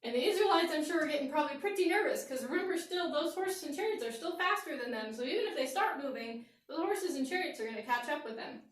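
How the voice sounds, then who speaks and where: A woman teaching children a Bible story, lively and asking them questions. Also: high voice, quick pace, few pauses, far from the mic. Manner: animated, asks the kids questions. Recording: roomy echo, voice from off-mic.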